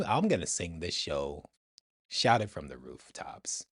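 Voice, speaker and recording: Low husky man gushing on a review. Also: dry recording, clean studio sound. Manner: enthusiastic and rambling, with restarts. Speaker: TV reaction channel host. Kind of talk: casual reaction-video review commentary.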